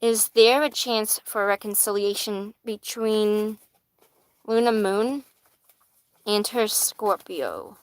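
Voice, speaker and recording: A woman's voice: mid-range voice, takes it slowly, dry recording, low-quality recording. Chatty woman reading tarot live. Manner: chatty, laughs easily, swears casually. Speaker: tarot reader. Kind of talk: live-stream tarot reading, casual chat.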